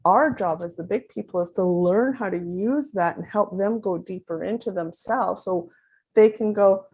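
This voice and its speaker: Animated woman in her fifties presenting. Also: medium pitch, moderate pace, breathy edge. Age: 50s. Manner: animated, acts out quoted dialogue. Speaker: parent advocate presenter. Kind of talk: conference talk.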